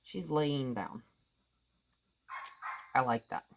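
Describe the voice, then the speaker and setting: Firm, gravelly woman dog trainer. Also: extremely low pitch, very slow, noisy background. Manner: calm and firm, short commands to a dog. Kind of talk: dog training lesson, talking to camera and dog.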